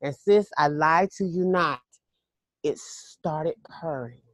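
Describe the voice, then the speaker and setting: A woman's voice: sits low, slow, no echo. Woman on a podcast mic telling a long rambly story, lots of restarts, dry close sound. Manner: animated, rambling, with many restarts. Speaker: podcast co-host. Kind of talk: casual storytelling chat.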